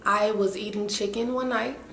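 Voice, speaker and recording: A young woman chatting casually to her vlog audience, her voice raspy and winded, rambling and correcting herself, sometimes sinking to a whisper. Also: medium pitch, fairly even intonation, moderate pace, a bit bright, roomy sound, a little hiss or hum. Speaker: YouTuber.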